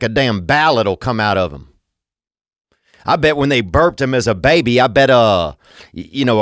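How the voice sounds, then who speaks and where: A man's voice: medium pitch, no echo, studio quality. Rambling, goofy man's podcast monologue. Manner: meandering, absurd wordplay, drawn-out asides. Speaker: podcast host.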